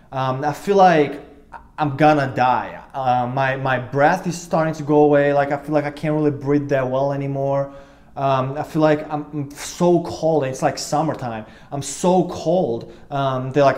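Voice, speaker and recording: A vlogger in his twenties tells his own story to the camera, earnest but rambling, with lots of fillers and restarts. His voice is fairly high and a little mellow.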